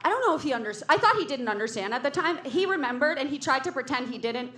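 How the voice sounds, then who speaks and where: A woman's voice: high voice, expressive, fast, bright, forceful tone, reverberant. A woman in her thirties hosting a variety show with rambling, jokey stand-up that keeps interrupting itself. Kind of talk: stand-up comedy. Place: comedy club stage.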